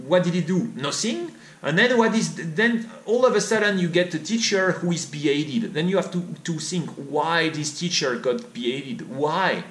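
A man's voice: a bit bright, echoey room. A man with a French accent, speaking English as a second language, giving an opinion monologue full of rhetorical questions. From France. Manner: repetitive, rhetorical questions, mimics others in high voice. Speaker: vlogger. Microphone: studio mic on boom arm.

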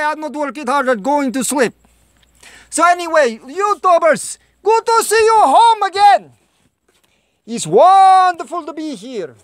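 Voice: very high voice, fairly bright tone, dry recording, exaggerated voice. A performer putting on a Russian-accented home vlogger who rambles in broken English, making jokey asides. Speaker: vlog host. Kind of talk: comedic home vlog monologue.

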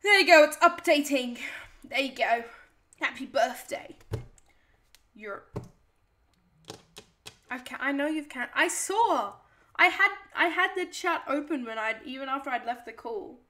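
Bright, high-voiced playful woman streamer. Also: lively intonation, a little slow, pauses often. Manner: playful, chatty, reads chat aloud and answers it. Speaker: live streamer. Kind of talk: casual live-stream chat.

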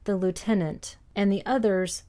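A woman's voice: mid-range voice, fairly even intonation, normal speed, warm tone. Woman co-hosting a film podcast. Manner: recaps scenes in detail, laughs easily. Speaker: podcast co-host. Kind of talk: casual film discussion.

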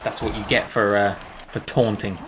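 A man streaming live gameplay, reacting with excited, jokey commentary. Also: on the low side, normal speed, noisy background. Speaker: game streamer.

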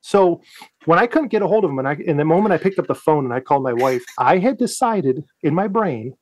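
A man from the United States tells a story on a podcast, his slightly high voice swinging widely up and down as he acts out his own lines. He swears freely and keeps the tale rolling. The sound is dry and close. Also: brisk, dry recording. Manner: profane, animated, acts out his own quotes. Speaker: guest, Navy veteran.

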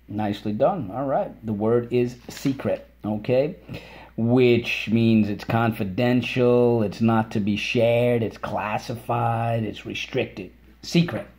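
A man teaching a vocabulary and phonics lesson, patient and encouraging, having listeners repeat words and chanting syllables in a higher voice. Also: darkish tone.

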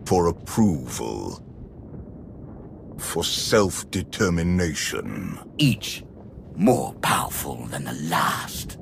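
Scheming ancient emperor, gravelly, very low, slow and sneering, game cutscene. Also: male voice, slight background noise, full character voice. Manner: slow, mocking. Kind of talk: video game dialogue.

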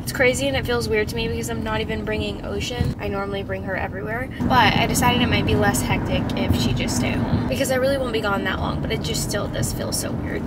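A young woman talking to a handheld phone camera as a family vlogger, bubbly and excitable, gushing about her day while driving and waiting at an airport. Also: medium pitch. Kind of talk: casual vlog talk to camera. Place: in a car and at an airport curb. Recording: clear vehicle noise.

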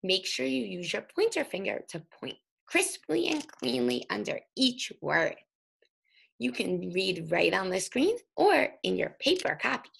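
A woman teaching an early reading lesson, speaking slowly and sounding out letters for young children. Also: medium pitch, very animated, vocal fry, a bit bright, breathy edge. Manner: slow, sing-song, sounding out letters.

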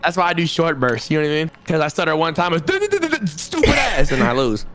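A man's voice: fairly high pitch, racing, fairly bright tone. A young man gaming on stream with a friend, teasing and reacting with hype. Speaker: fellow streamer. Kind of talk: casual gaming banter. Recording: noisy game audio behind voice.

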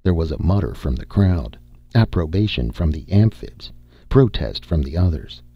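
A man narrating a science fiction audiobook in a steady, measured reading. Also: low voice, husky, dry recording, highs cut off, faint music behind.

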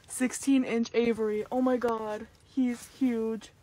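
A woman excitedly showing off her finds in an unboxing. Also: fairly high pitch, takes it slowly, hardly any pauses. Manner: excitable, squealing. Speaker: unboxing video creator. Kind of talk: casual unboxing chat.

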